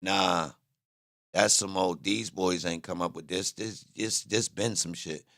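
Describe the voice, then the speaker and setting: A man's voice: low-pitched, steady tone, a little slow, a bit bright, dry recording, studio quality. A man giving a heated, profane reaction to a clip, blunt and emphatic, often repeating his phrases.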